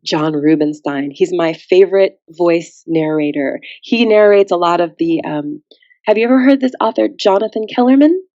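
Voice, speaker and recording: A woman's voice: lowish voice, moderate pace, no echo, highs cut off. A woman guest on a podcast, chatting casually and acting out the people in her story. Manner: animated storyteller who acts out quotes.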